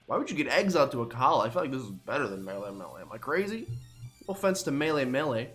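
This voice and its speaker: A man's voice: mid-range voice, lively intonation, a little fast, a bit bright, soft background music. A young man hosting a game let's play, chatting in a rambling, self-deprecating way while groggy from just waking up. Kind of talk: casual gameplay commentary.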